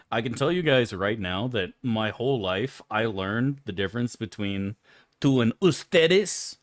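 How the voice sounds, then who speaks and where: A man's voice: medium pitch, no echo, studio quality. A man casually commenting on his gameplay for viewers, joking and crude. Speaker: streamer.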